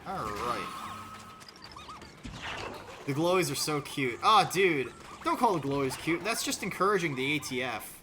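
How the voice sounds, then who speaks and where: A man's voice: fairly high pitch, big pitch swings, a little slow, long pauses, music in the background. A man streaming a game, chatting casually and rambling, often restarting and swearing. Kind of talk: casual gameplay commentary.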